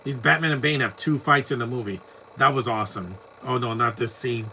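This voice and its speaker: A man talks along with a film in a loose, mocking way and laughs often at what he sees. His voice is bright and forceful. A faint murmur of background sound sits under his speech. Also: medium pitch, a little fast, slight background noise. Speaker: movie commentator. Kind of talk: casual live movie commentary.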